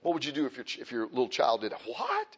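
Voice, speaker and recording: A man preaches in a plain, conversational way, driving points home by repeating himself. He rises loud and high for emphasis, then drops to quiet, low asides. His voice sits at an ordinary middle pitch on a dull, lo-fi recording. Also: rapid-fire. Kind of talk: conversational sermon.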